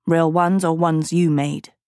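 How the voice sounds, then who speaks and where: A woman reading an audiobook, voicing a gruff, bitter teenage girl with curt, grumpy replies. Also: sits low, flat delivery, a little slow, a little mellow, dry recording, clean studio sound. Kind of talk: audiobook character voice.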